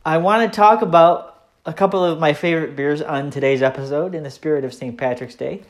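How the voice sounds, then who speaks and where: A podcast host, a man with a Michigan accent, talks on his own in a loose, rambling way. He pokes fun at himself and fills his pauses with plenty of ums and uhs. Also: on the high side. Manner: rambling, self-deprecating, chatty with frequent fillers. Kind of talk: casual solo podcast monologue.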